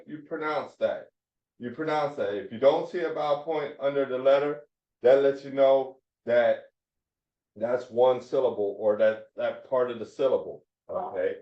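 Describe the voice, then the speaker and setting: Slow-talking man teaching a class. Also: mid-range voice, a little mellow, far from the mic. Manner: repeats points, checks with "all right?". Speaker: Hebrew teacher. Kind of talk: classroom phonics lesson. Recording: dull echoey classroom recording.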